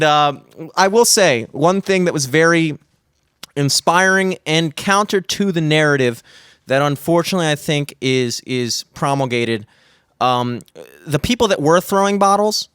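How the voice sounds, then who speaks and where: A young man co-hosting a studio podcast, telling a story in casual, animated chat with plenty of swearing and acted-out quotes. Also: fairly high pitch, normal speed, clear, resonant tone, dry recording. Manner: animated, swearing, acts out quotes in raised voices. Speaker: podcast co-host. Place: small studio. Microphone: studio mic.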